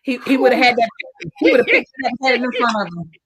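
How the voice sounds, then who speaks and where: A woman's voice: on the high side, quick pace, fairly bright tone, husky. A woman co-hosting a casual podcast chat, emphatic, repeating words and laughing often. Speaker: podcast co-host.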